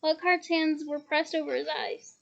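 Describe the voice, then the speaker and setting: Woman reader, novel read aloud, steady storytelling, high voice, muffled lo-fi. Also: normal speed, gravelly.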